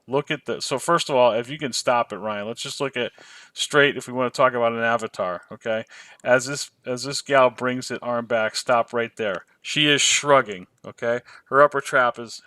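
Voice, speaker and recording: A man's voice: mid-range voice, no echo. Emphatic man on a dry podcast mic. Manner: emphatic, exasperated, animated. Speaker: podcast co-host. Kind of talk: casual podcast discussion.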